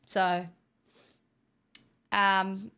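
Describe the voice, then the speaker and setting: Bright-voiced giggly young woman streamer. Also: medium pitch, flat delivery, very slow, clear, resonant tone. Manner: giggly, rambling, chatty with viewers. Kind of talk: casual live-stream chat.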